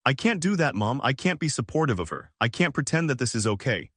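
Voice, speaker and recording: A man's voice: mid-range voice, sing-song, a little fast, fairly bright tone, slightly rough, no room sound, clean studio sound. A man voicing a betrayed young woman who pleads and protests indignantly. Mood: upset.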